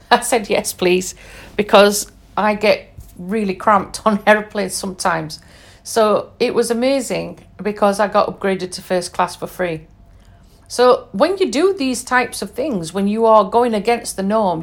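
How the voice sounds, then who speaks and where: A middle-aged British woman from England telling her own travel stories in a chatty, candid way, with fillers and asides to the listener. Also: mid-range voice. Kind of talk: casual storytelling monologue.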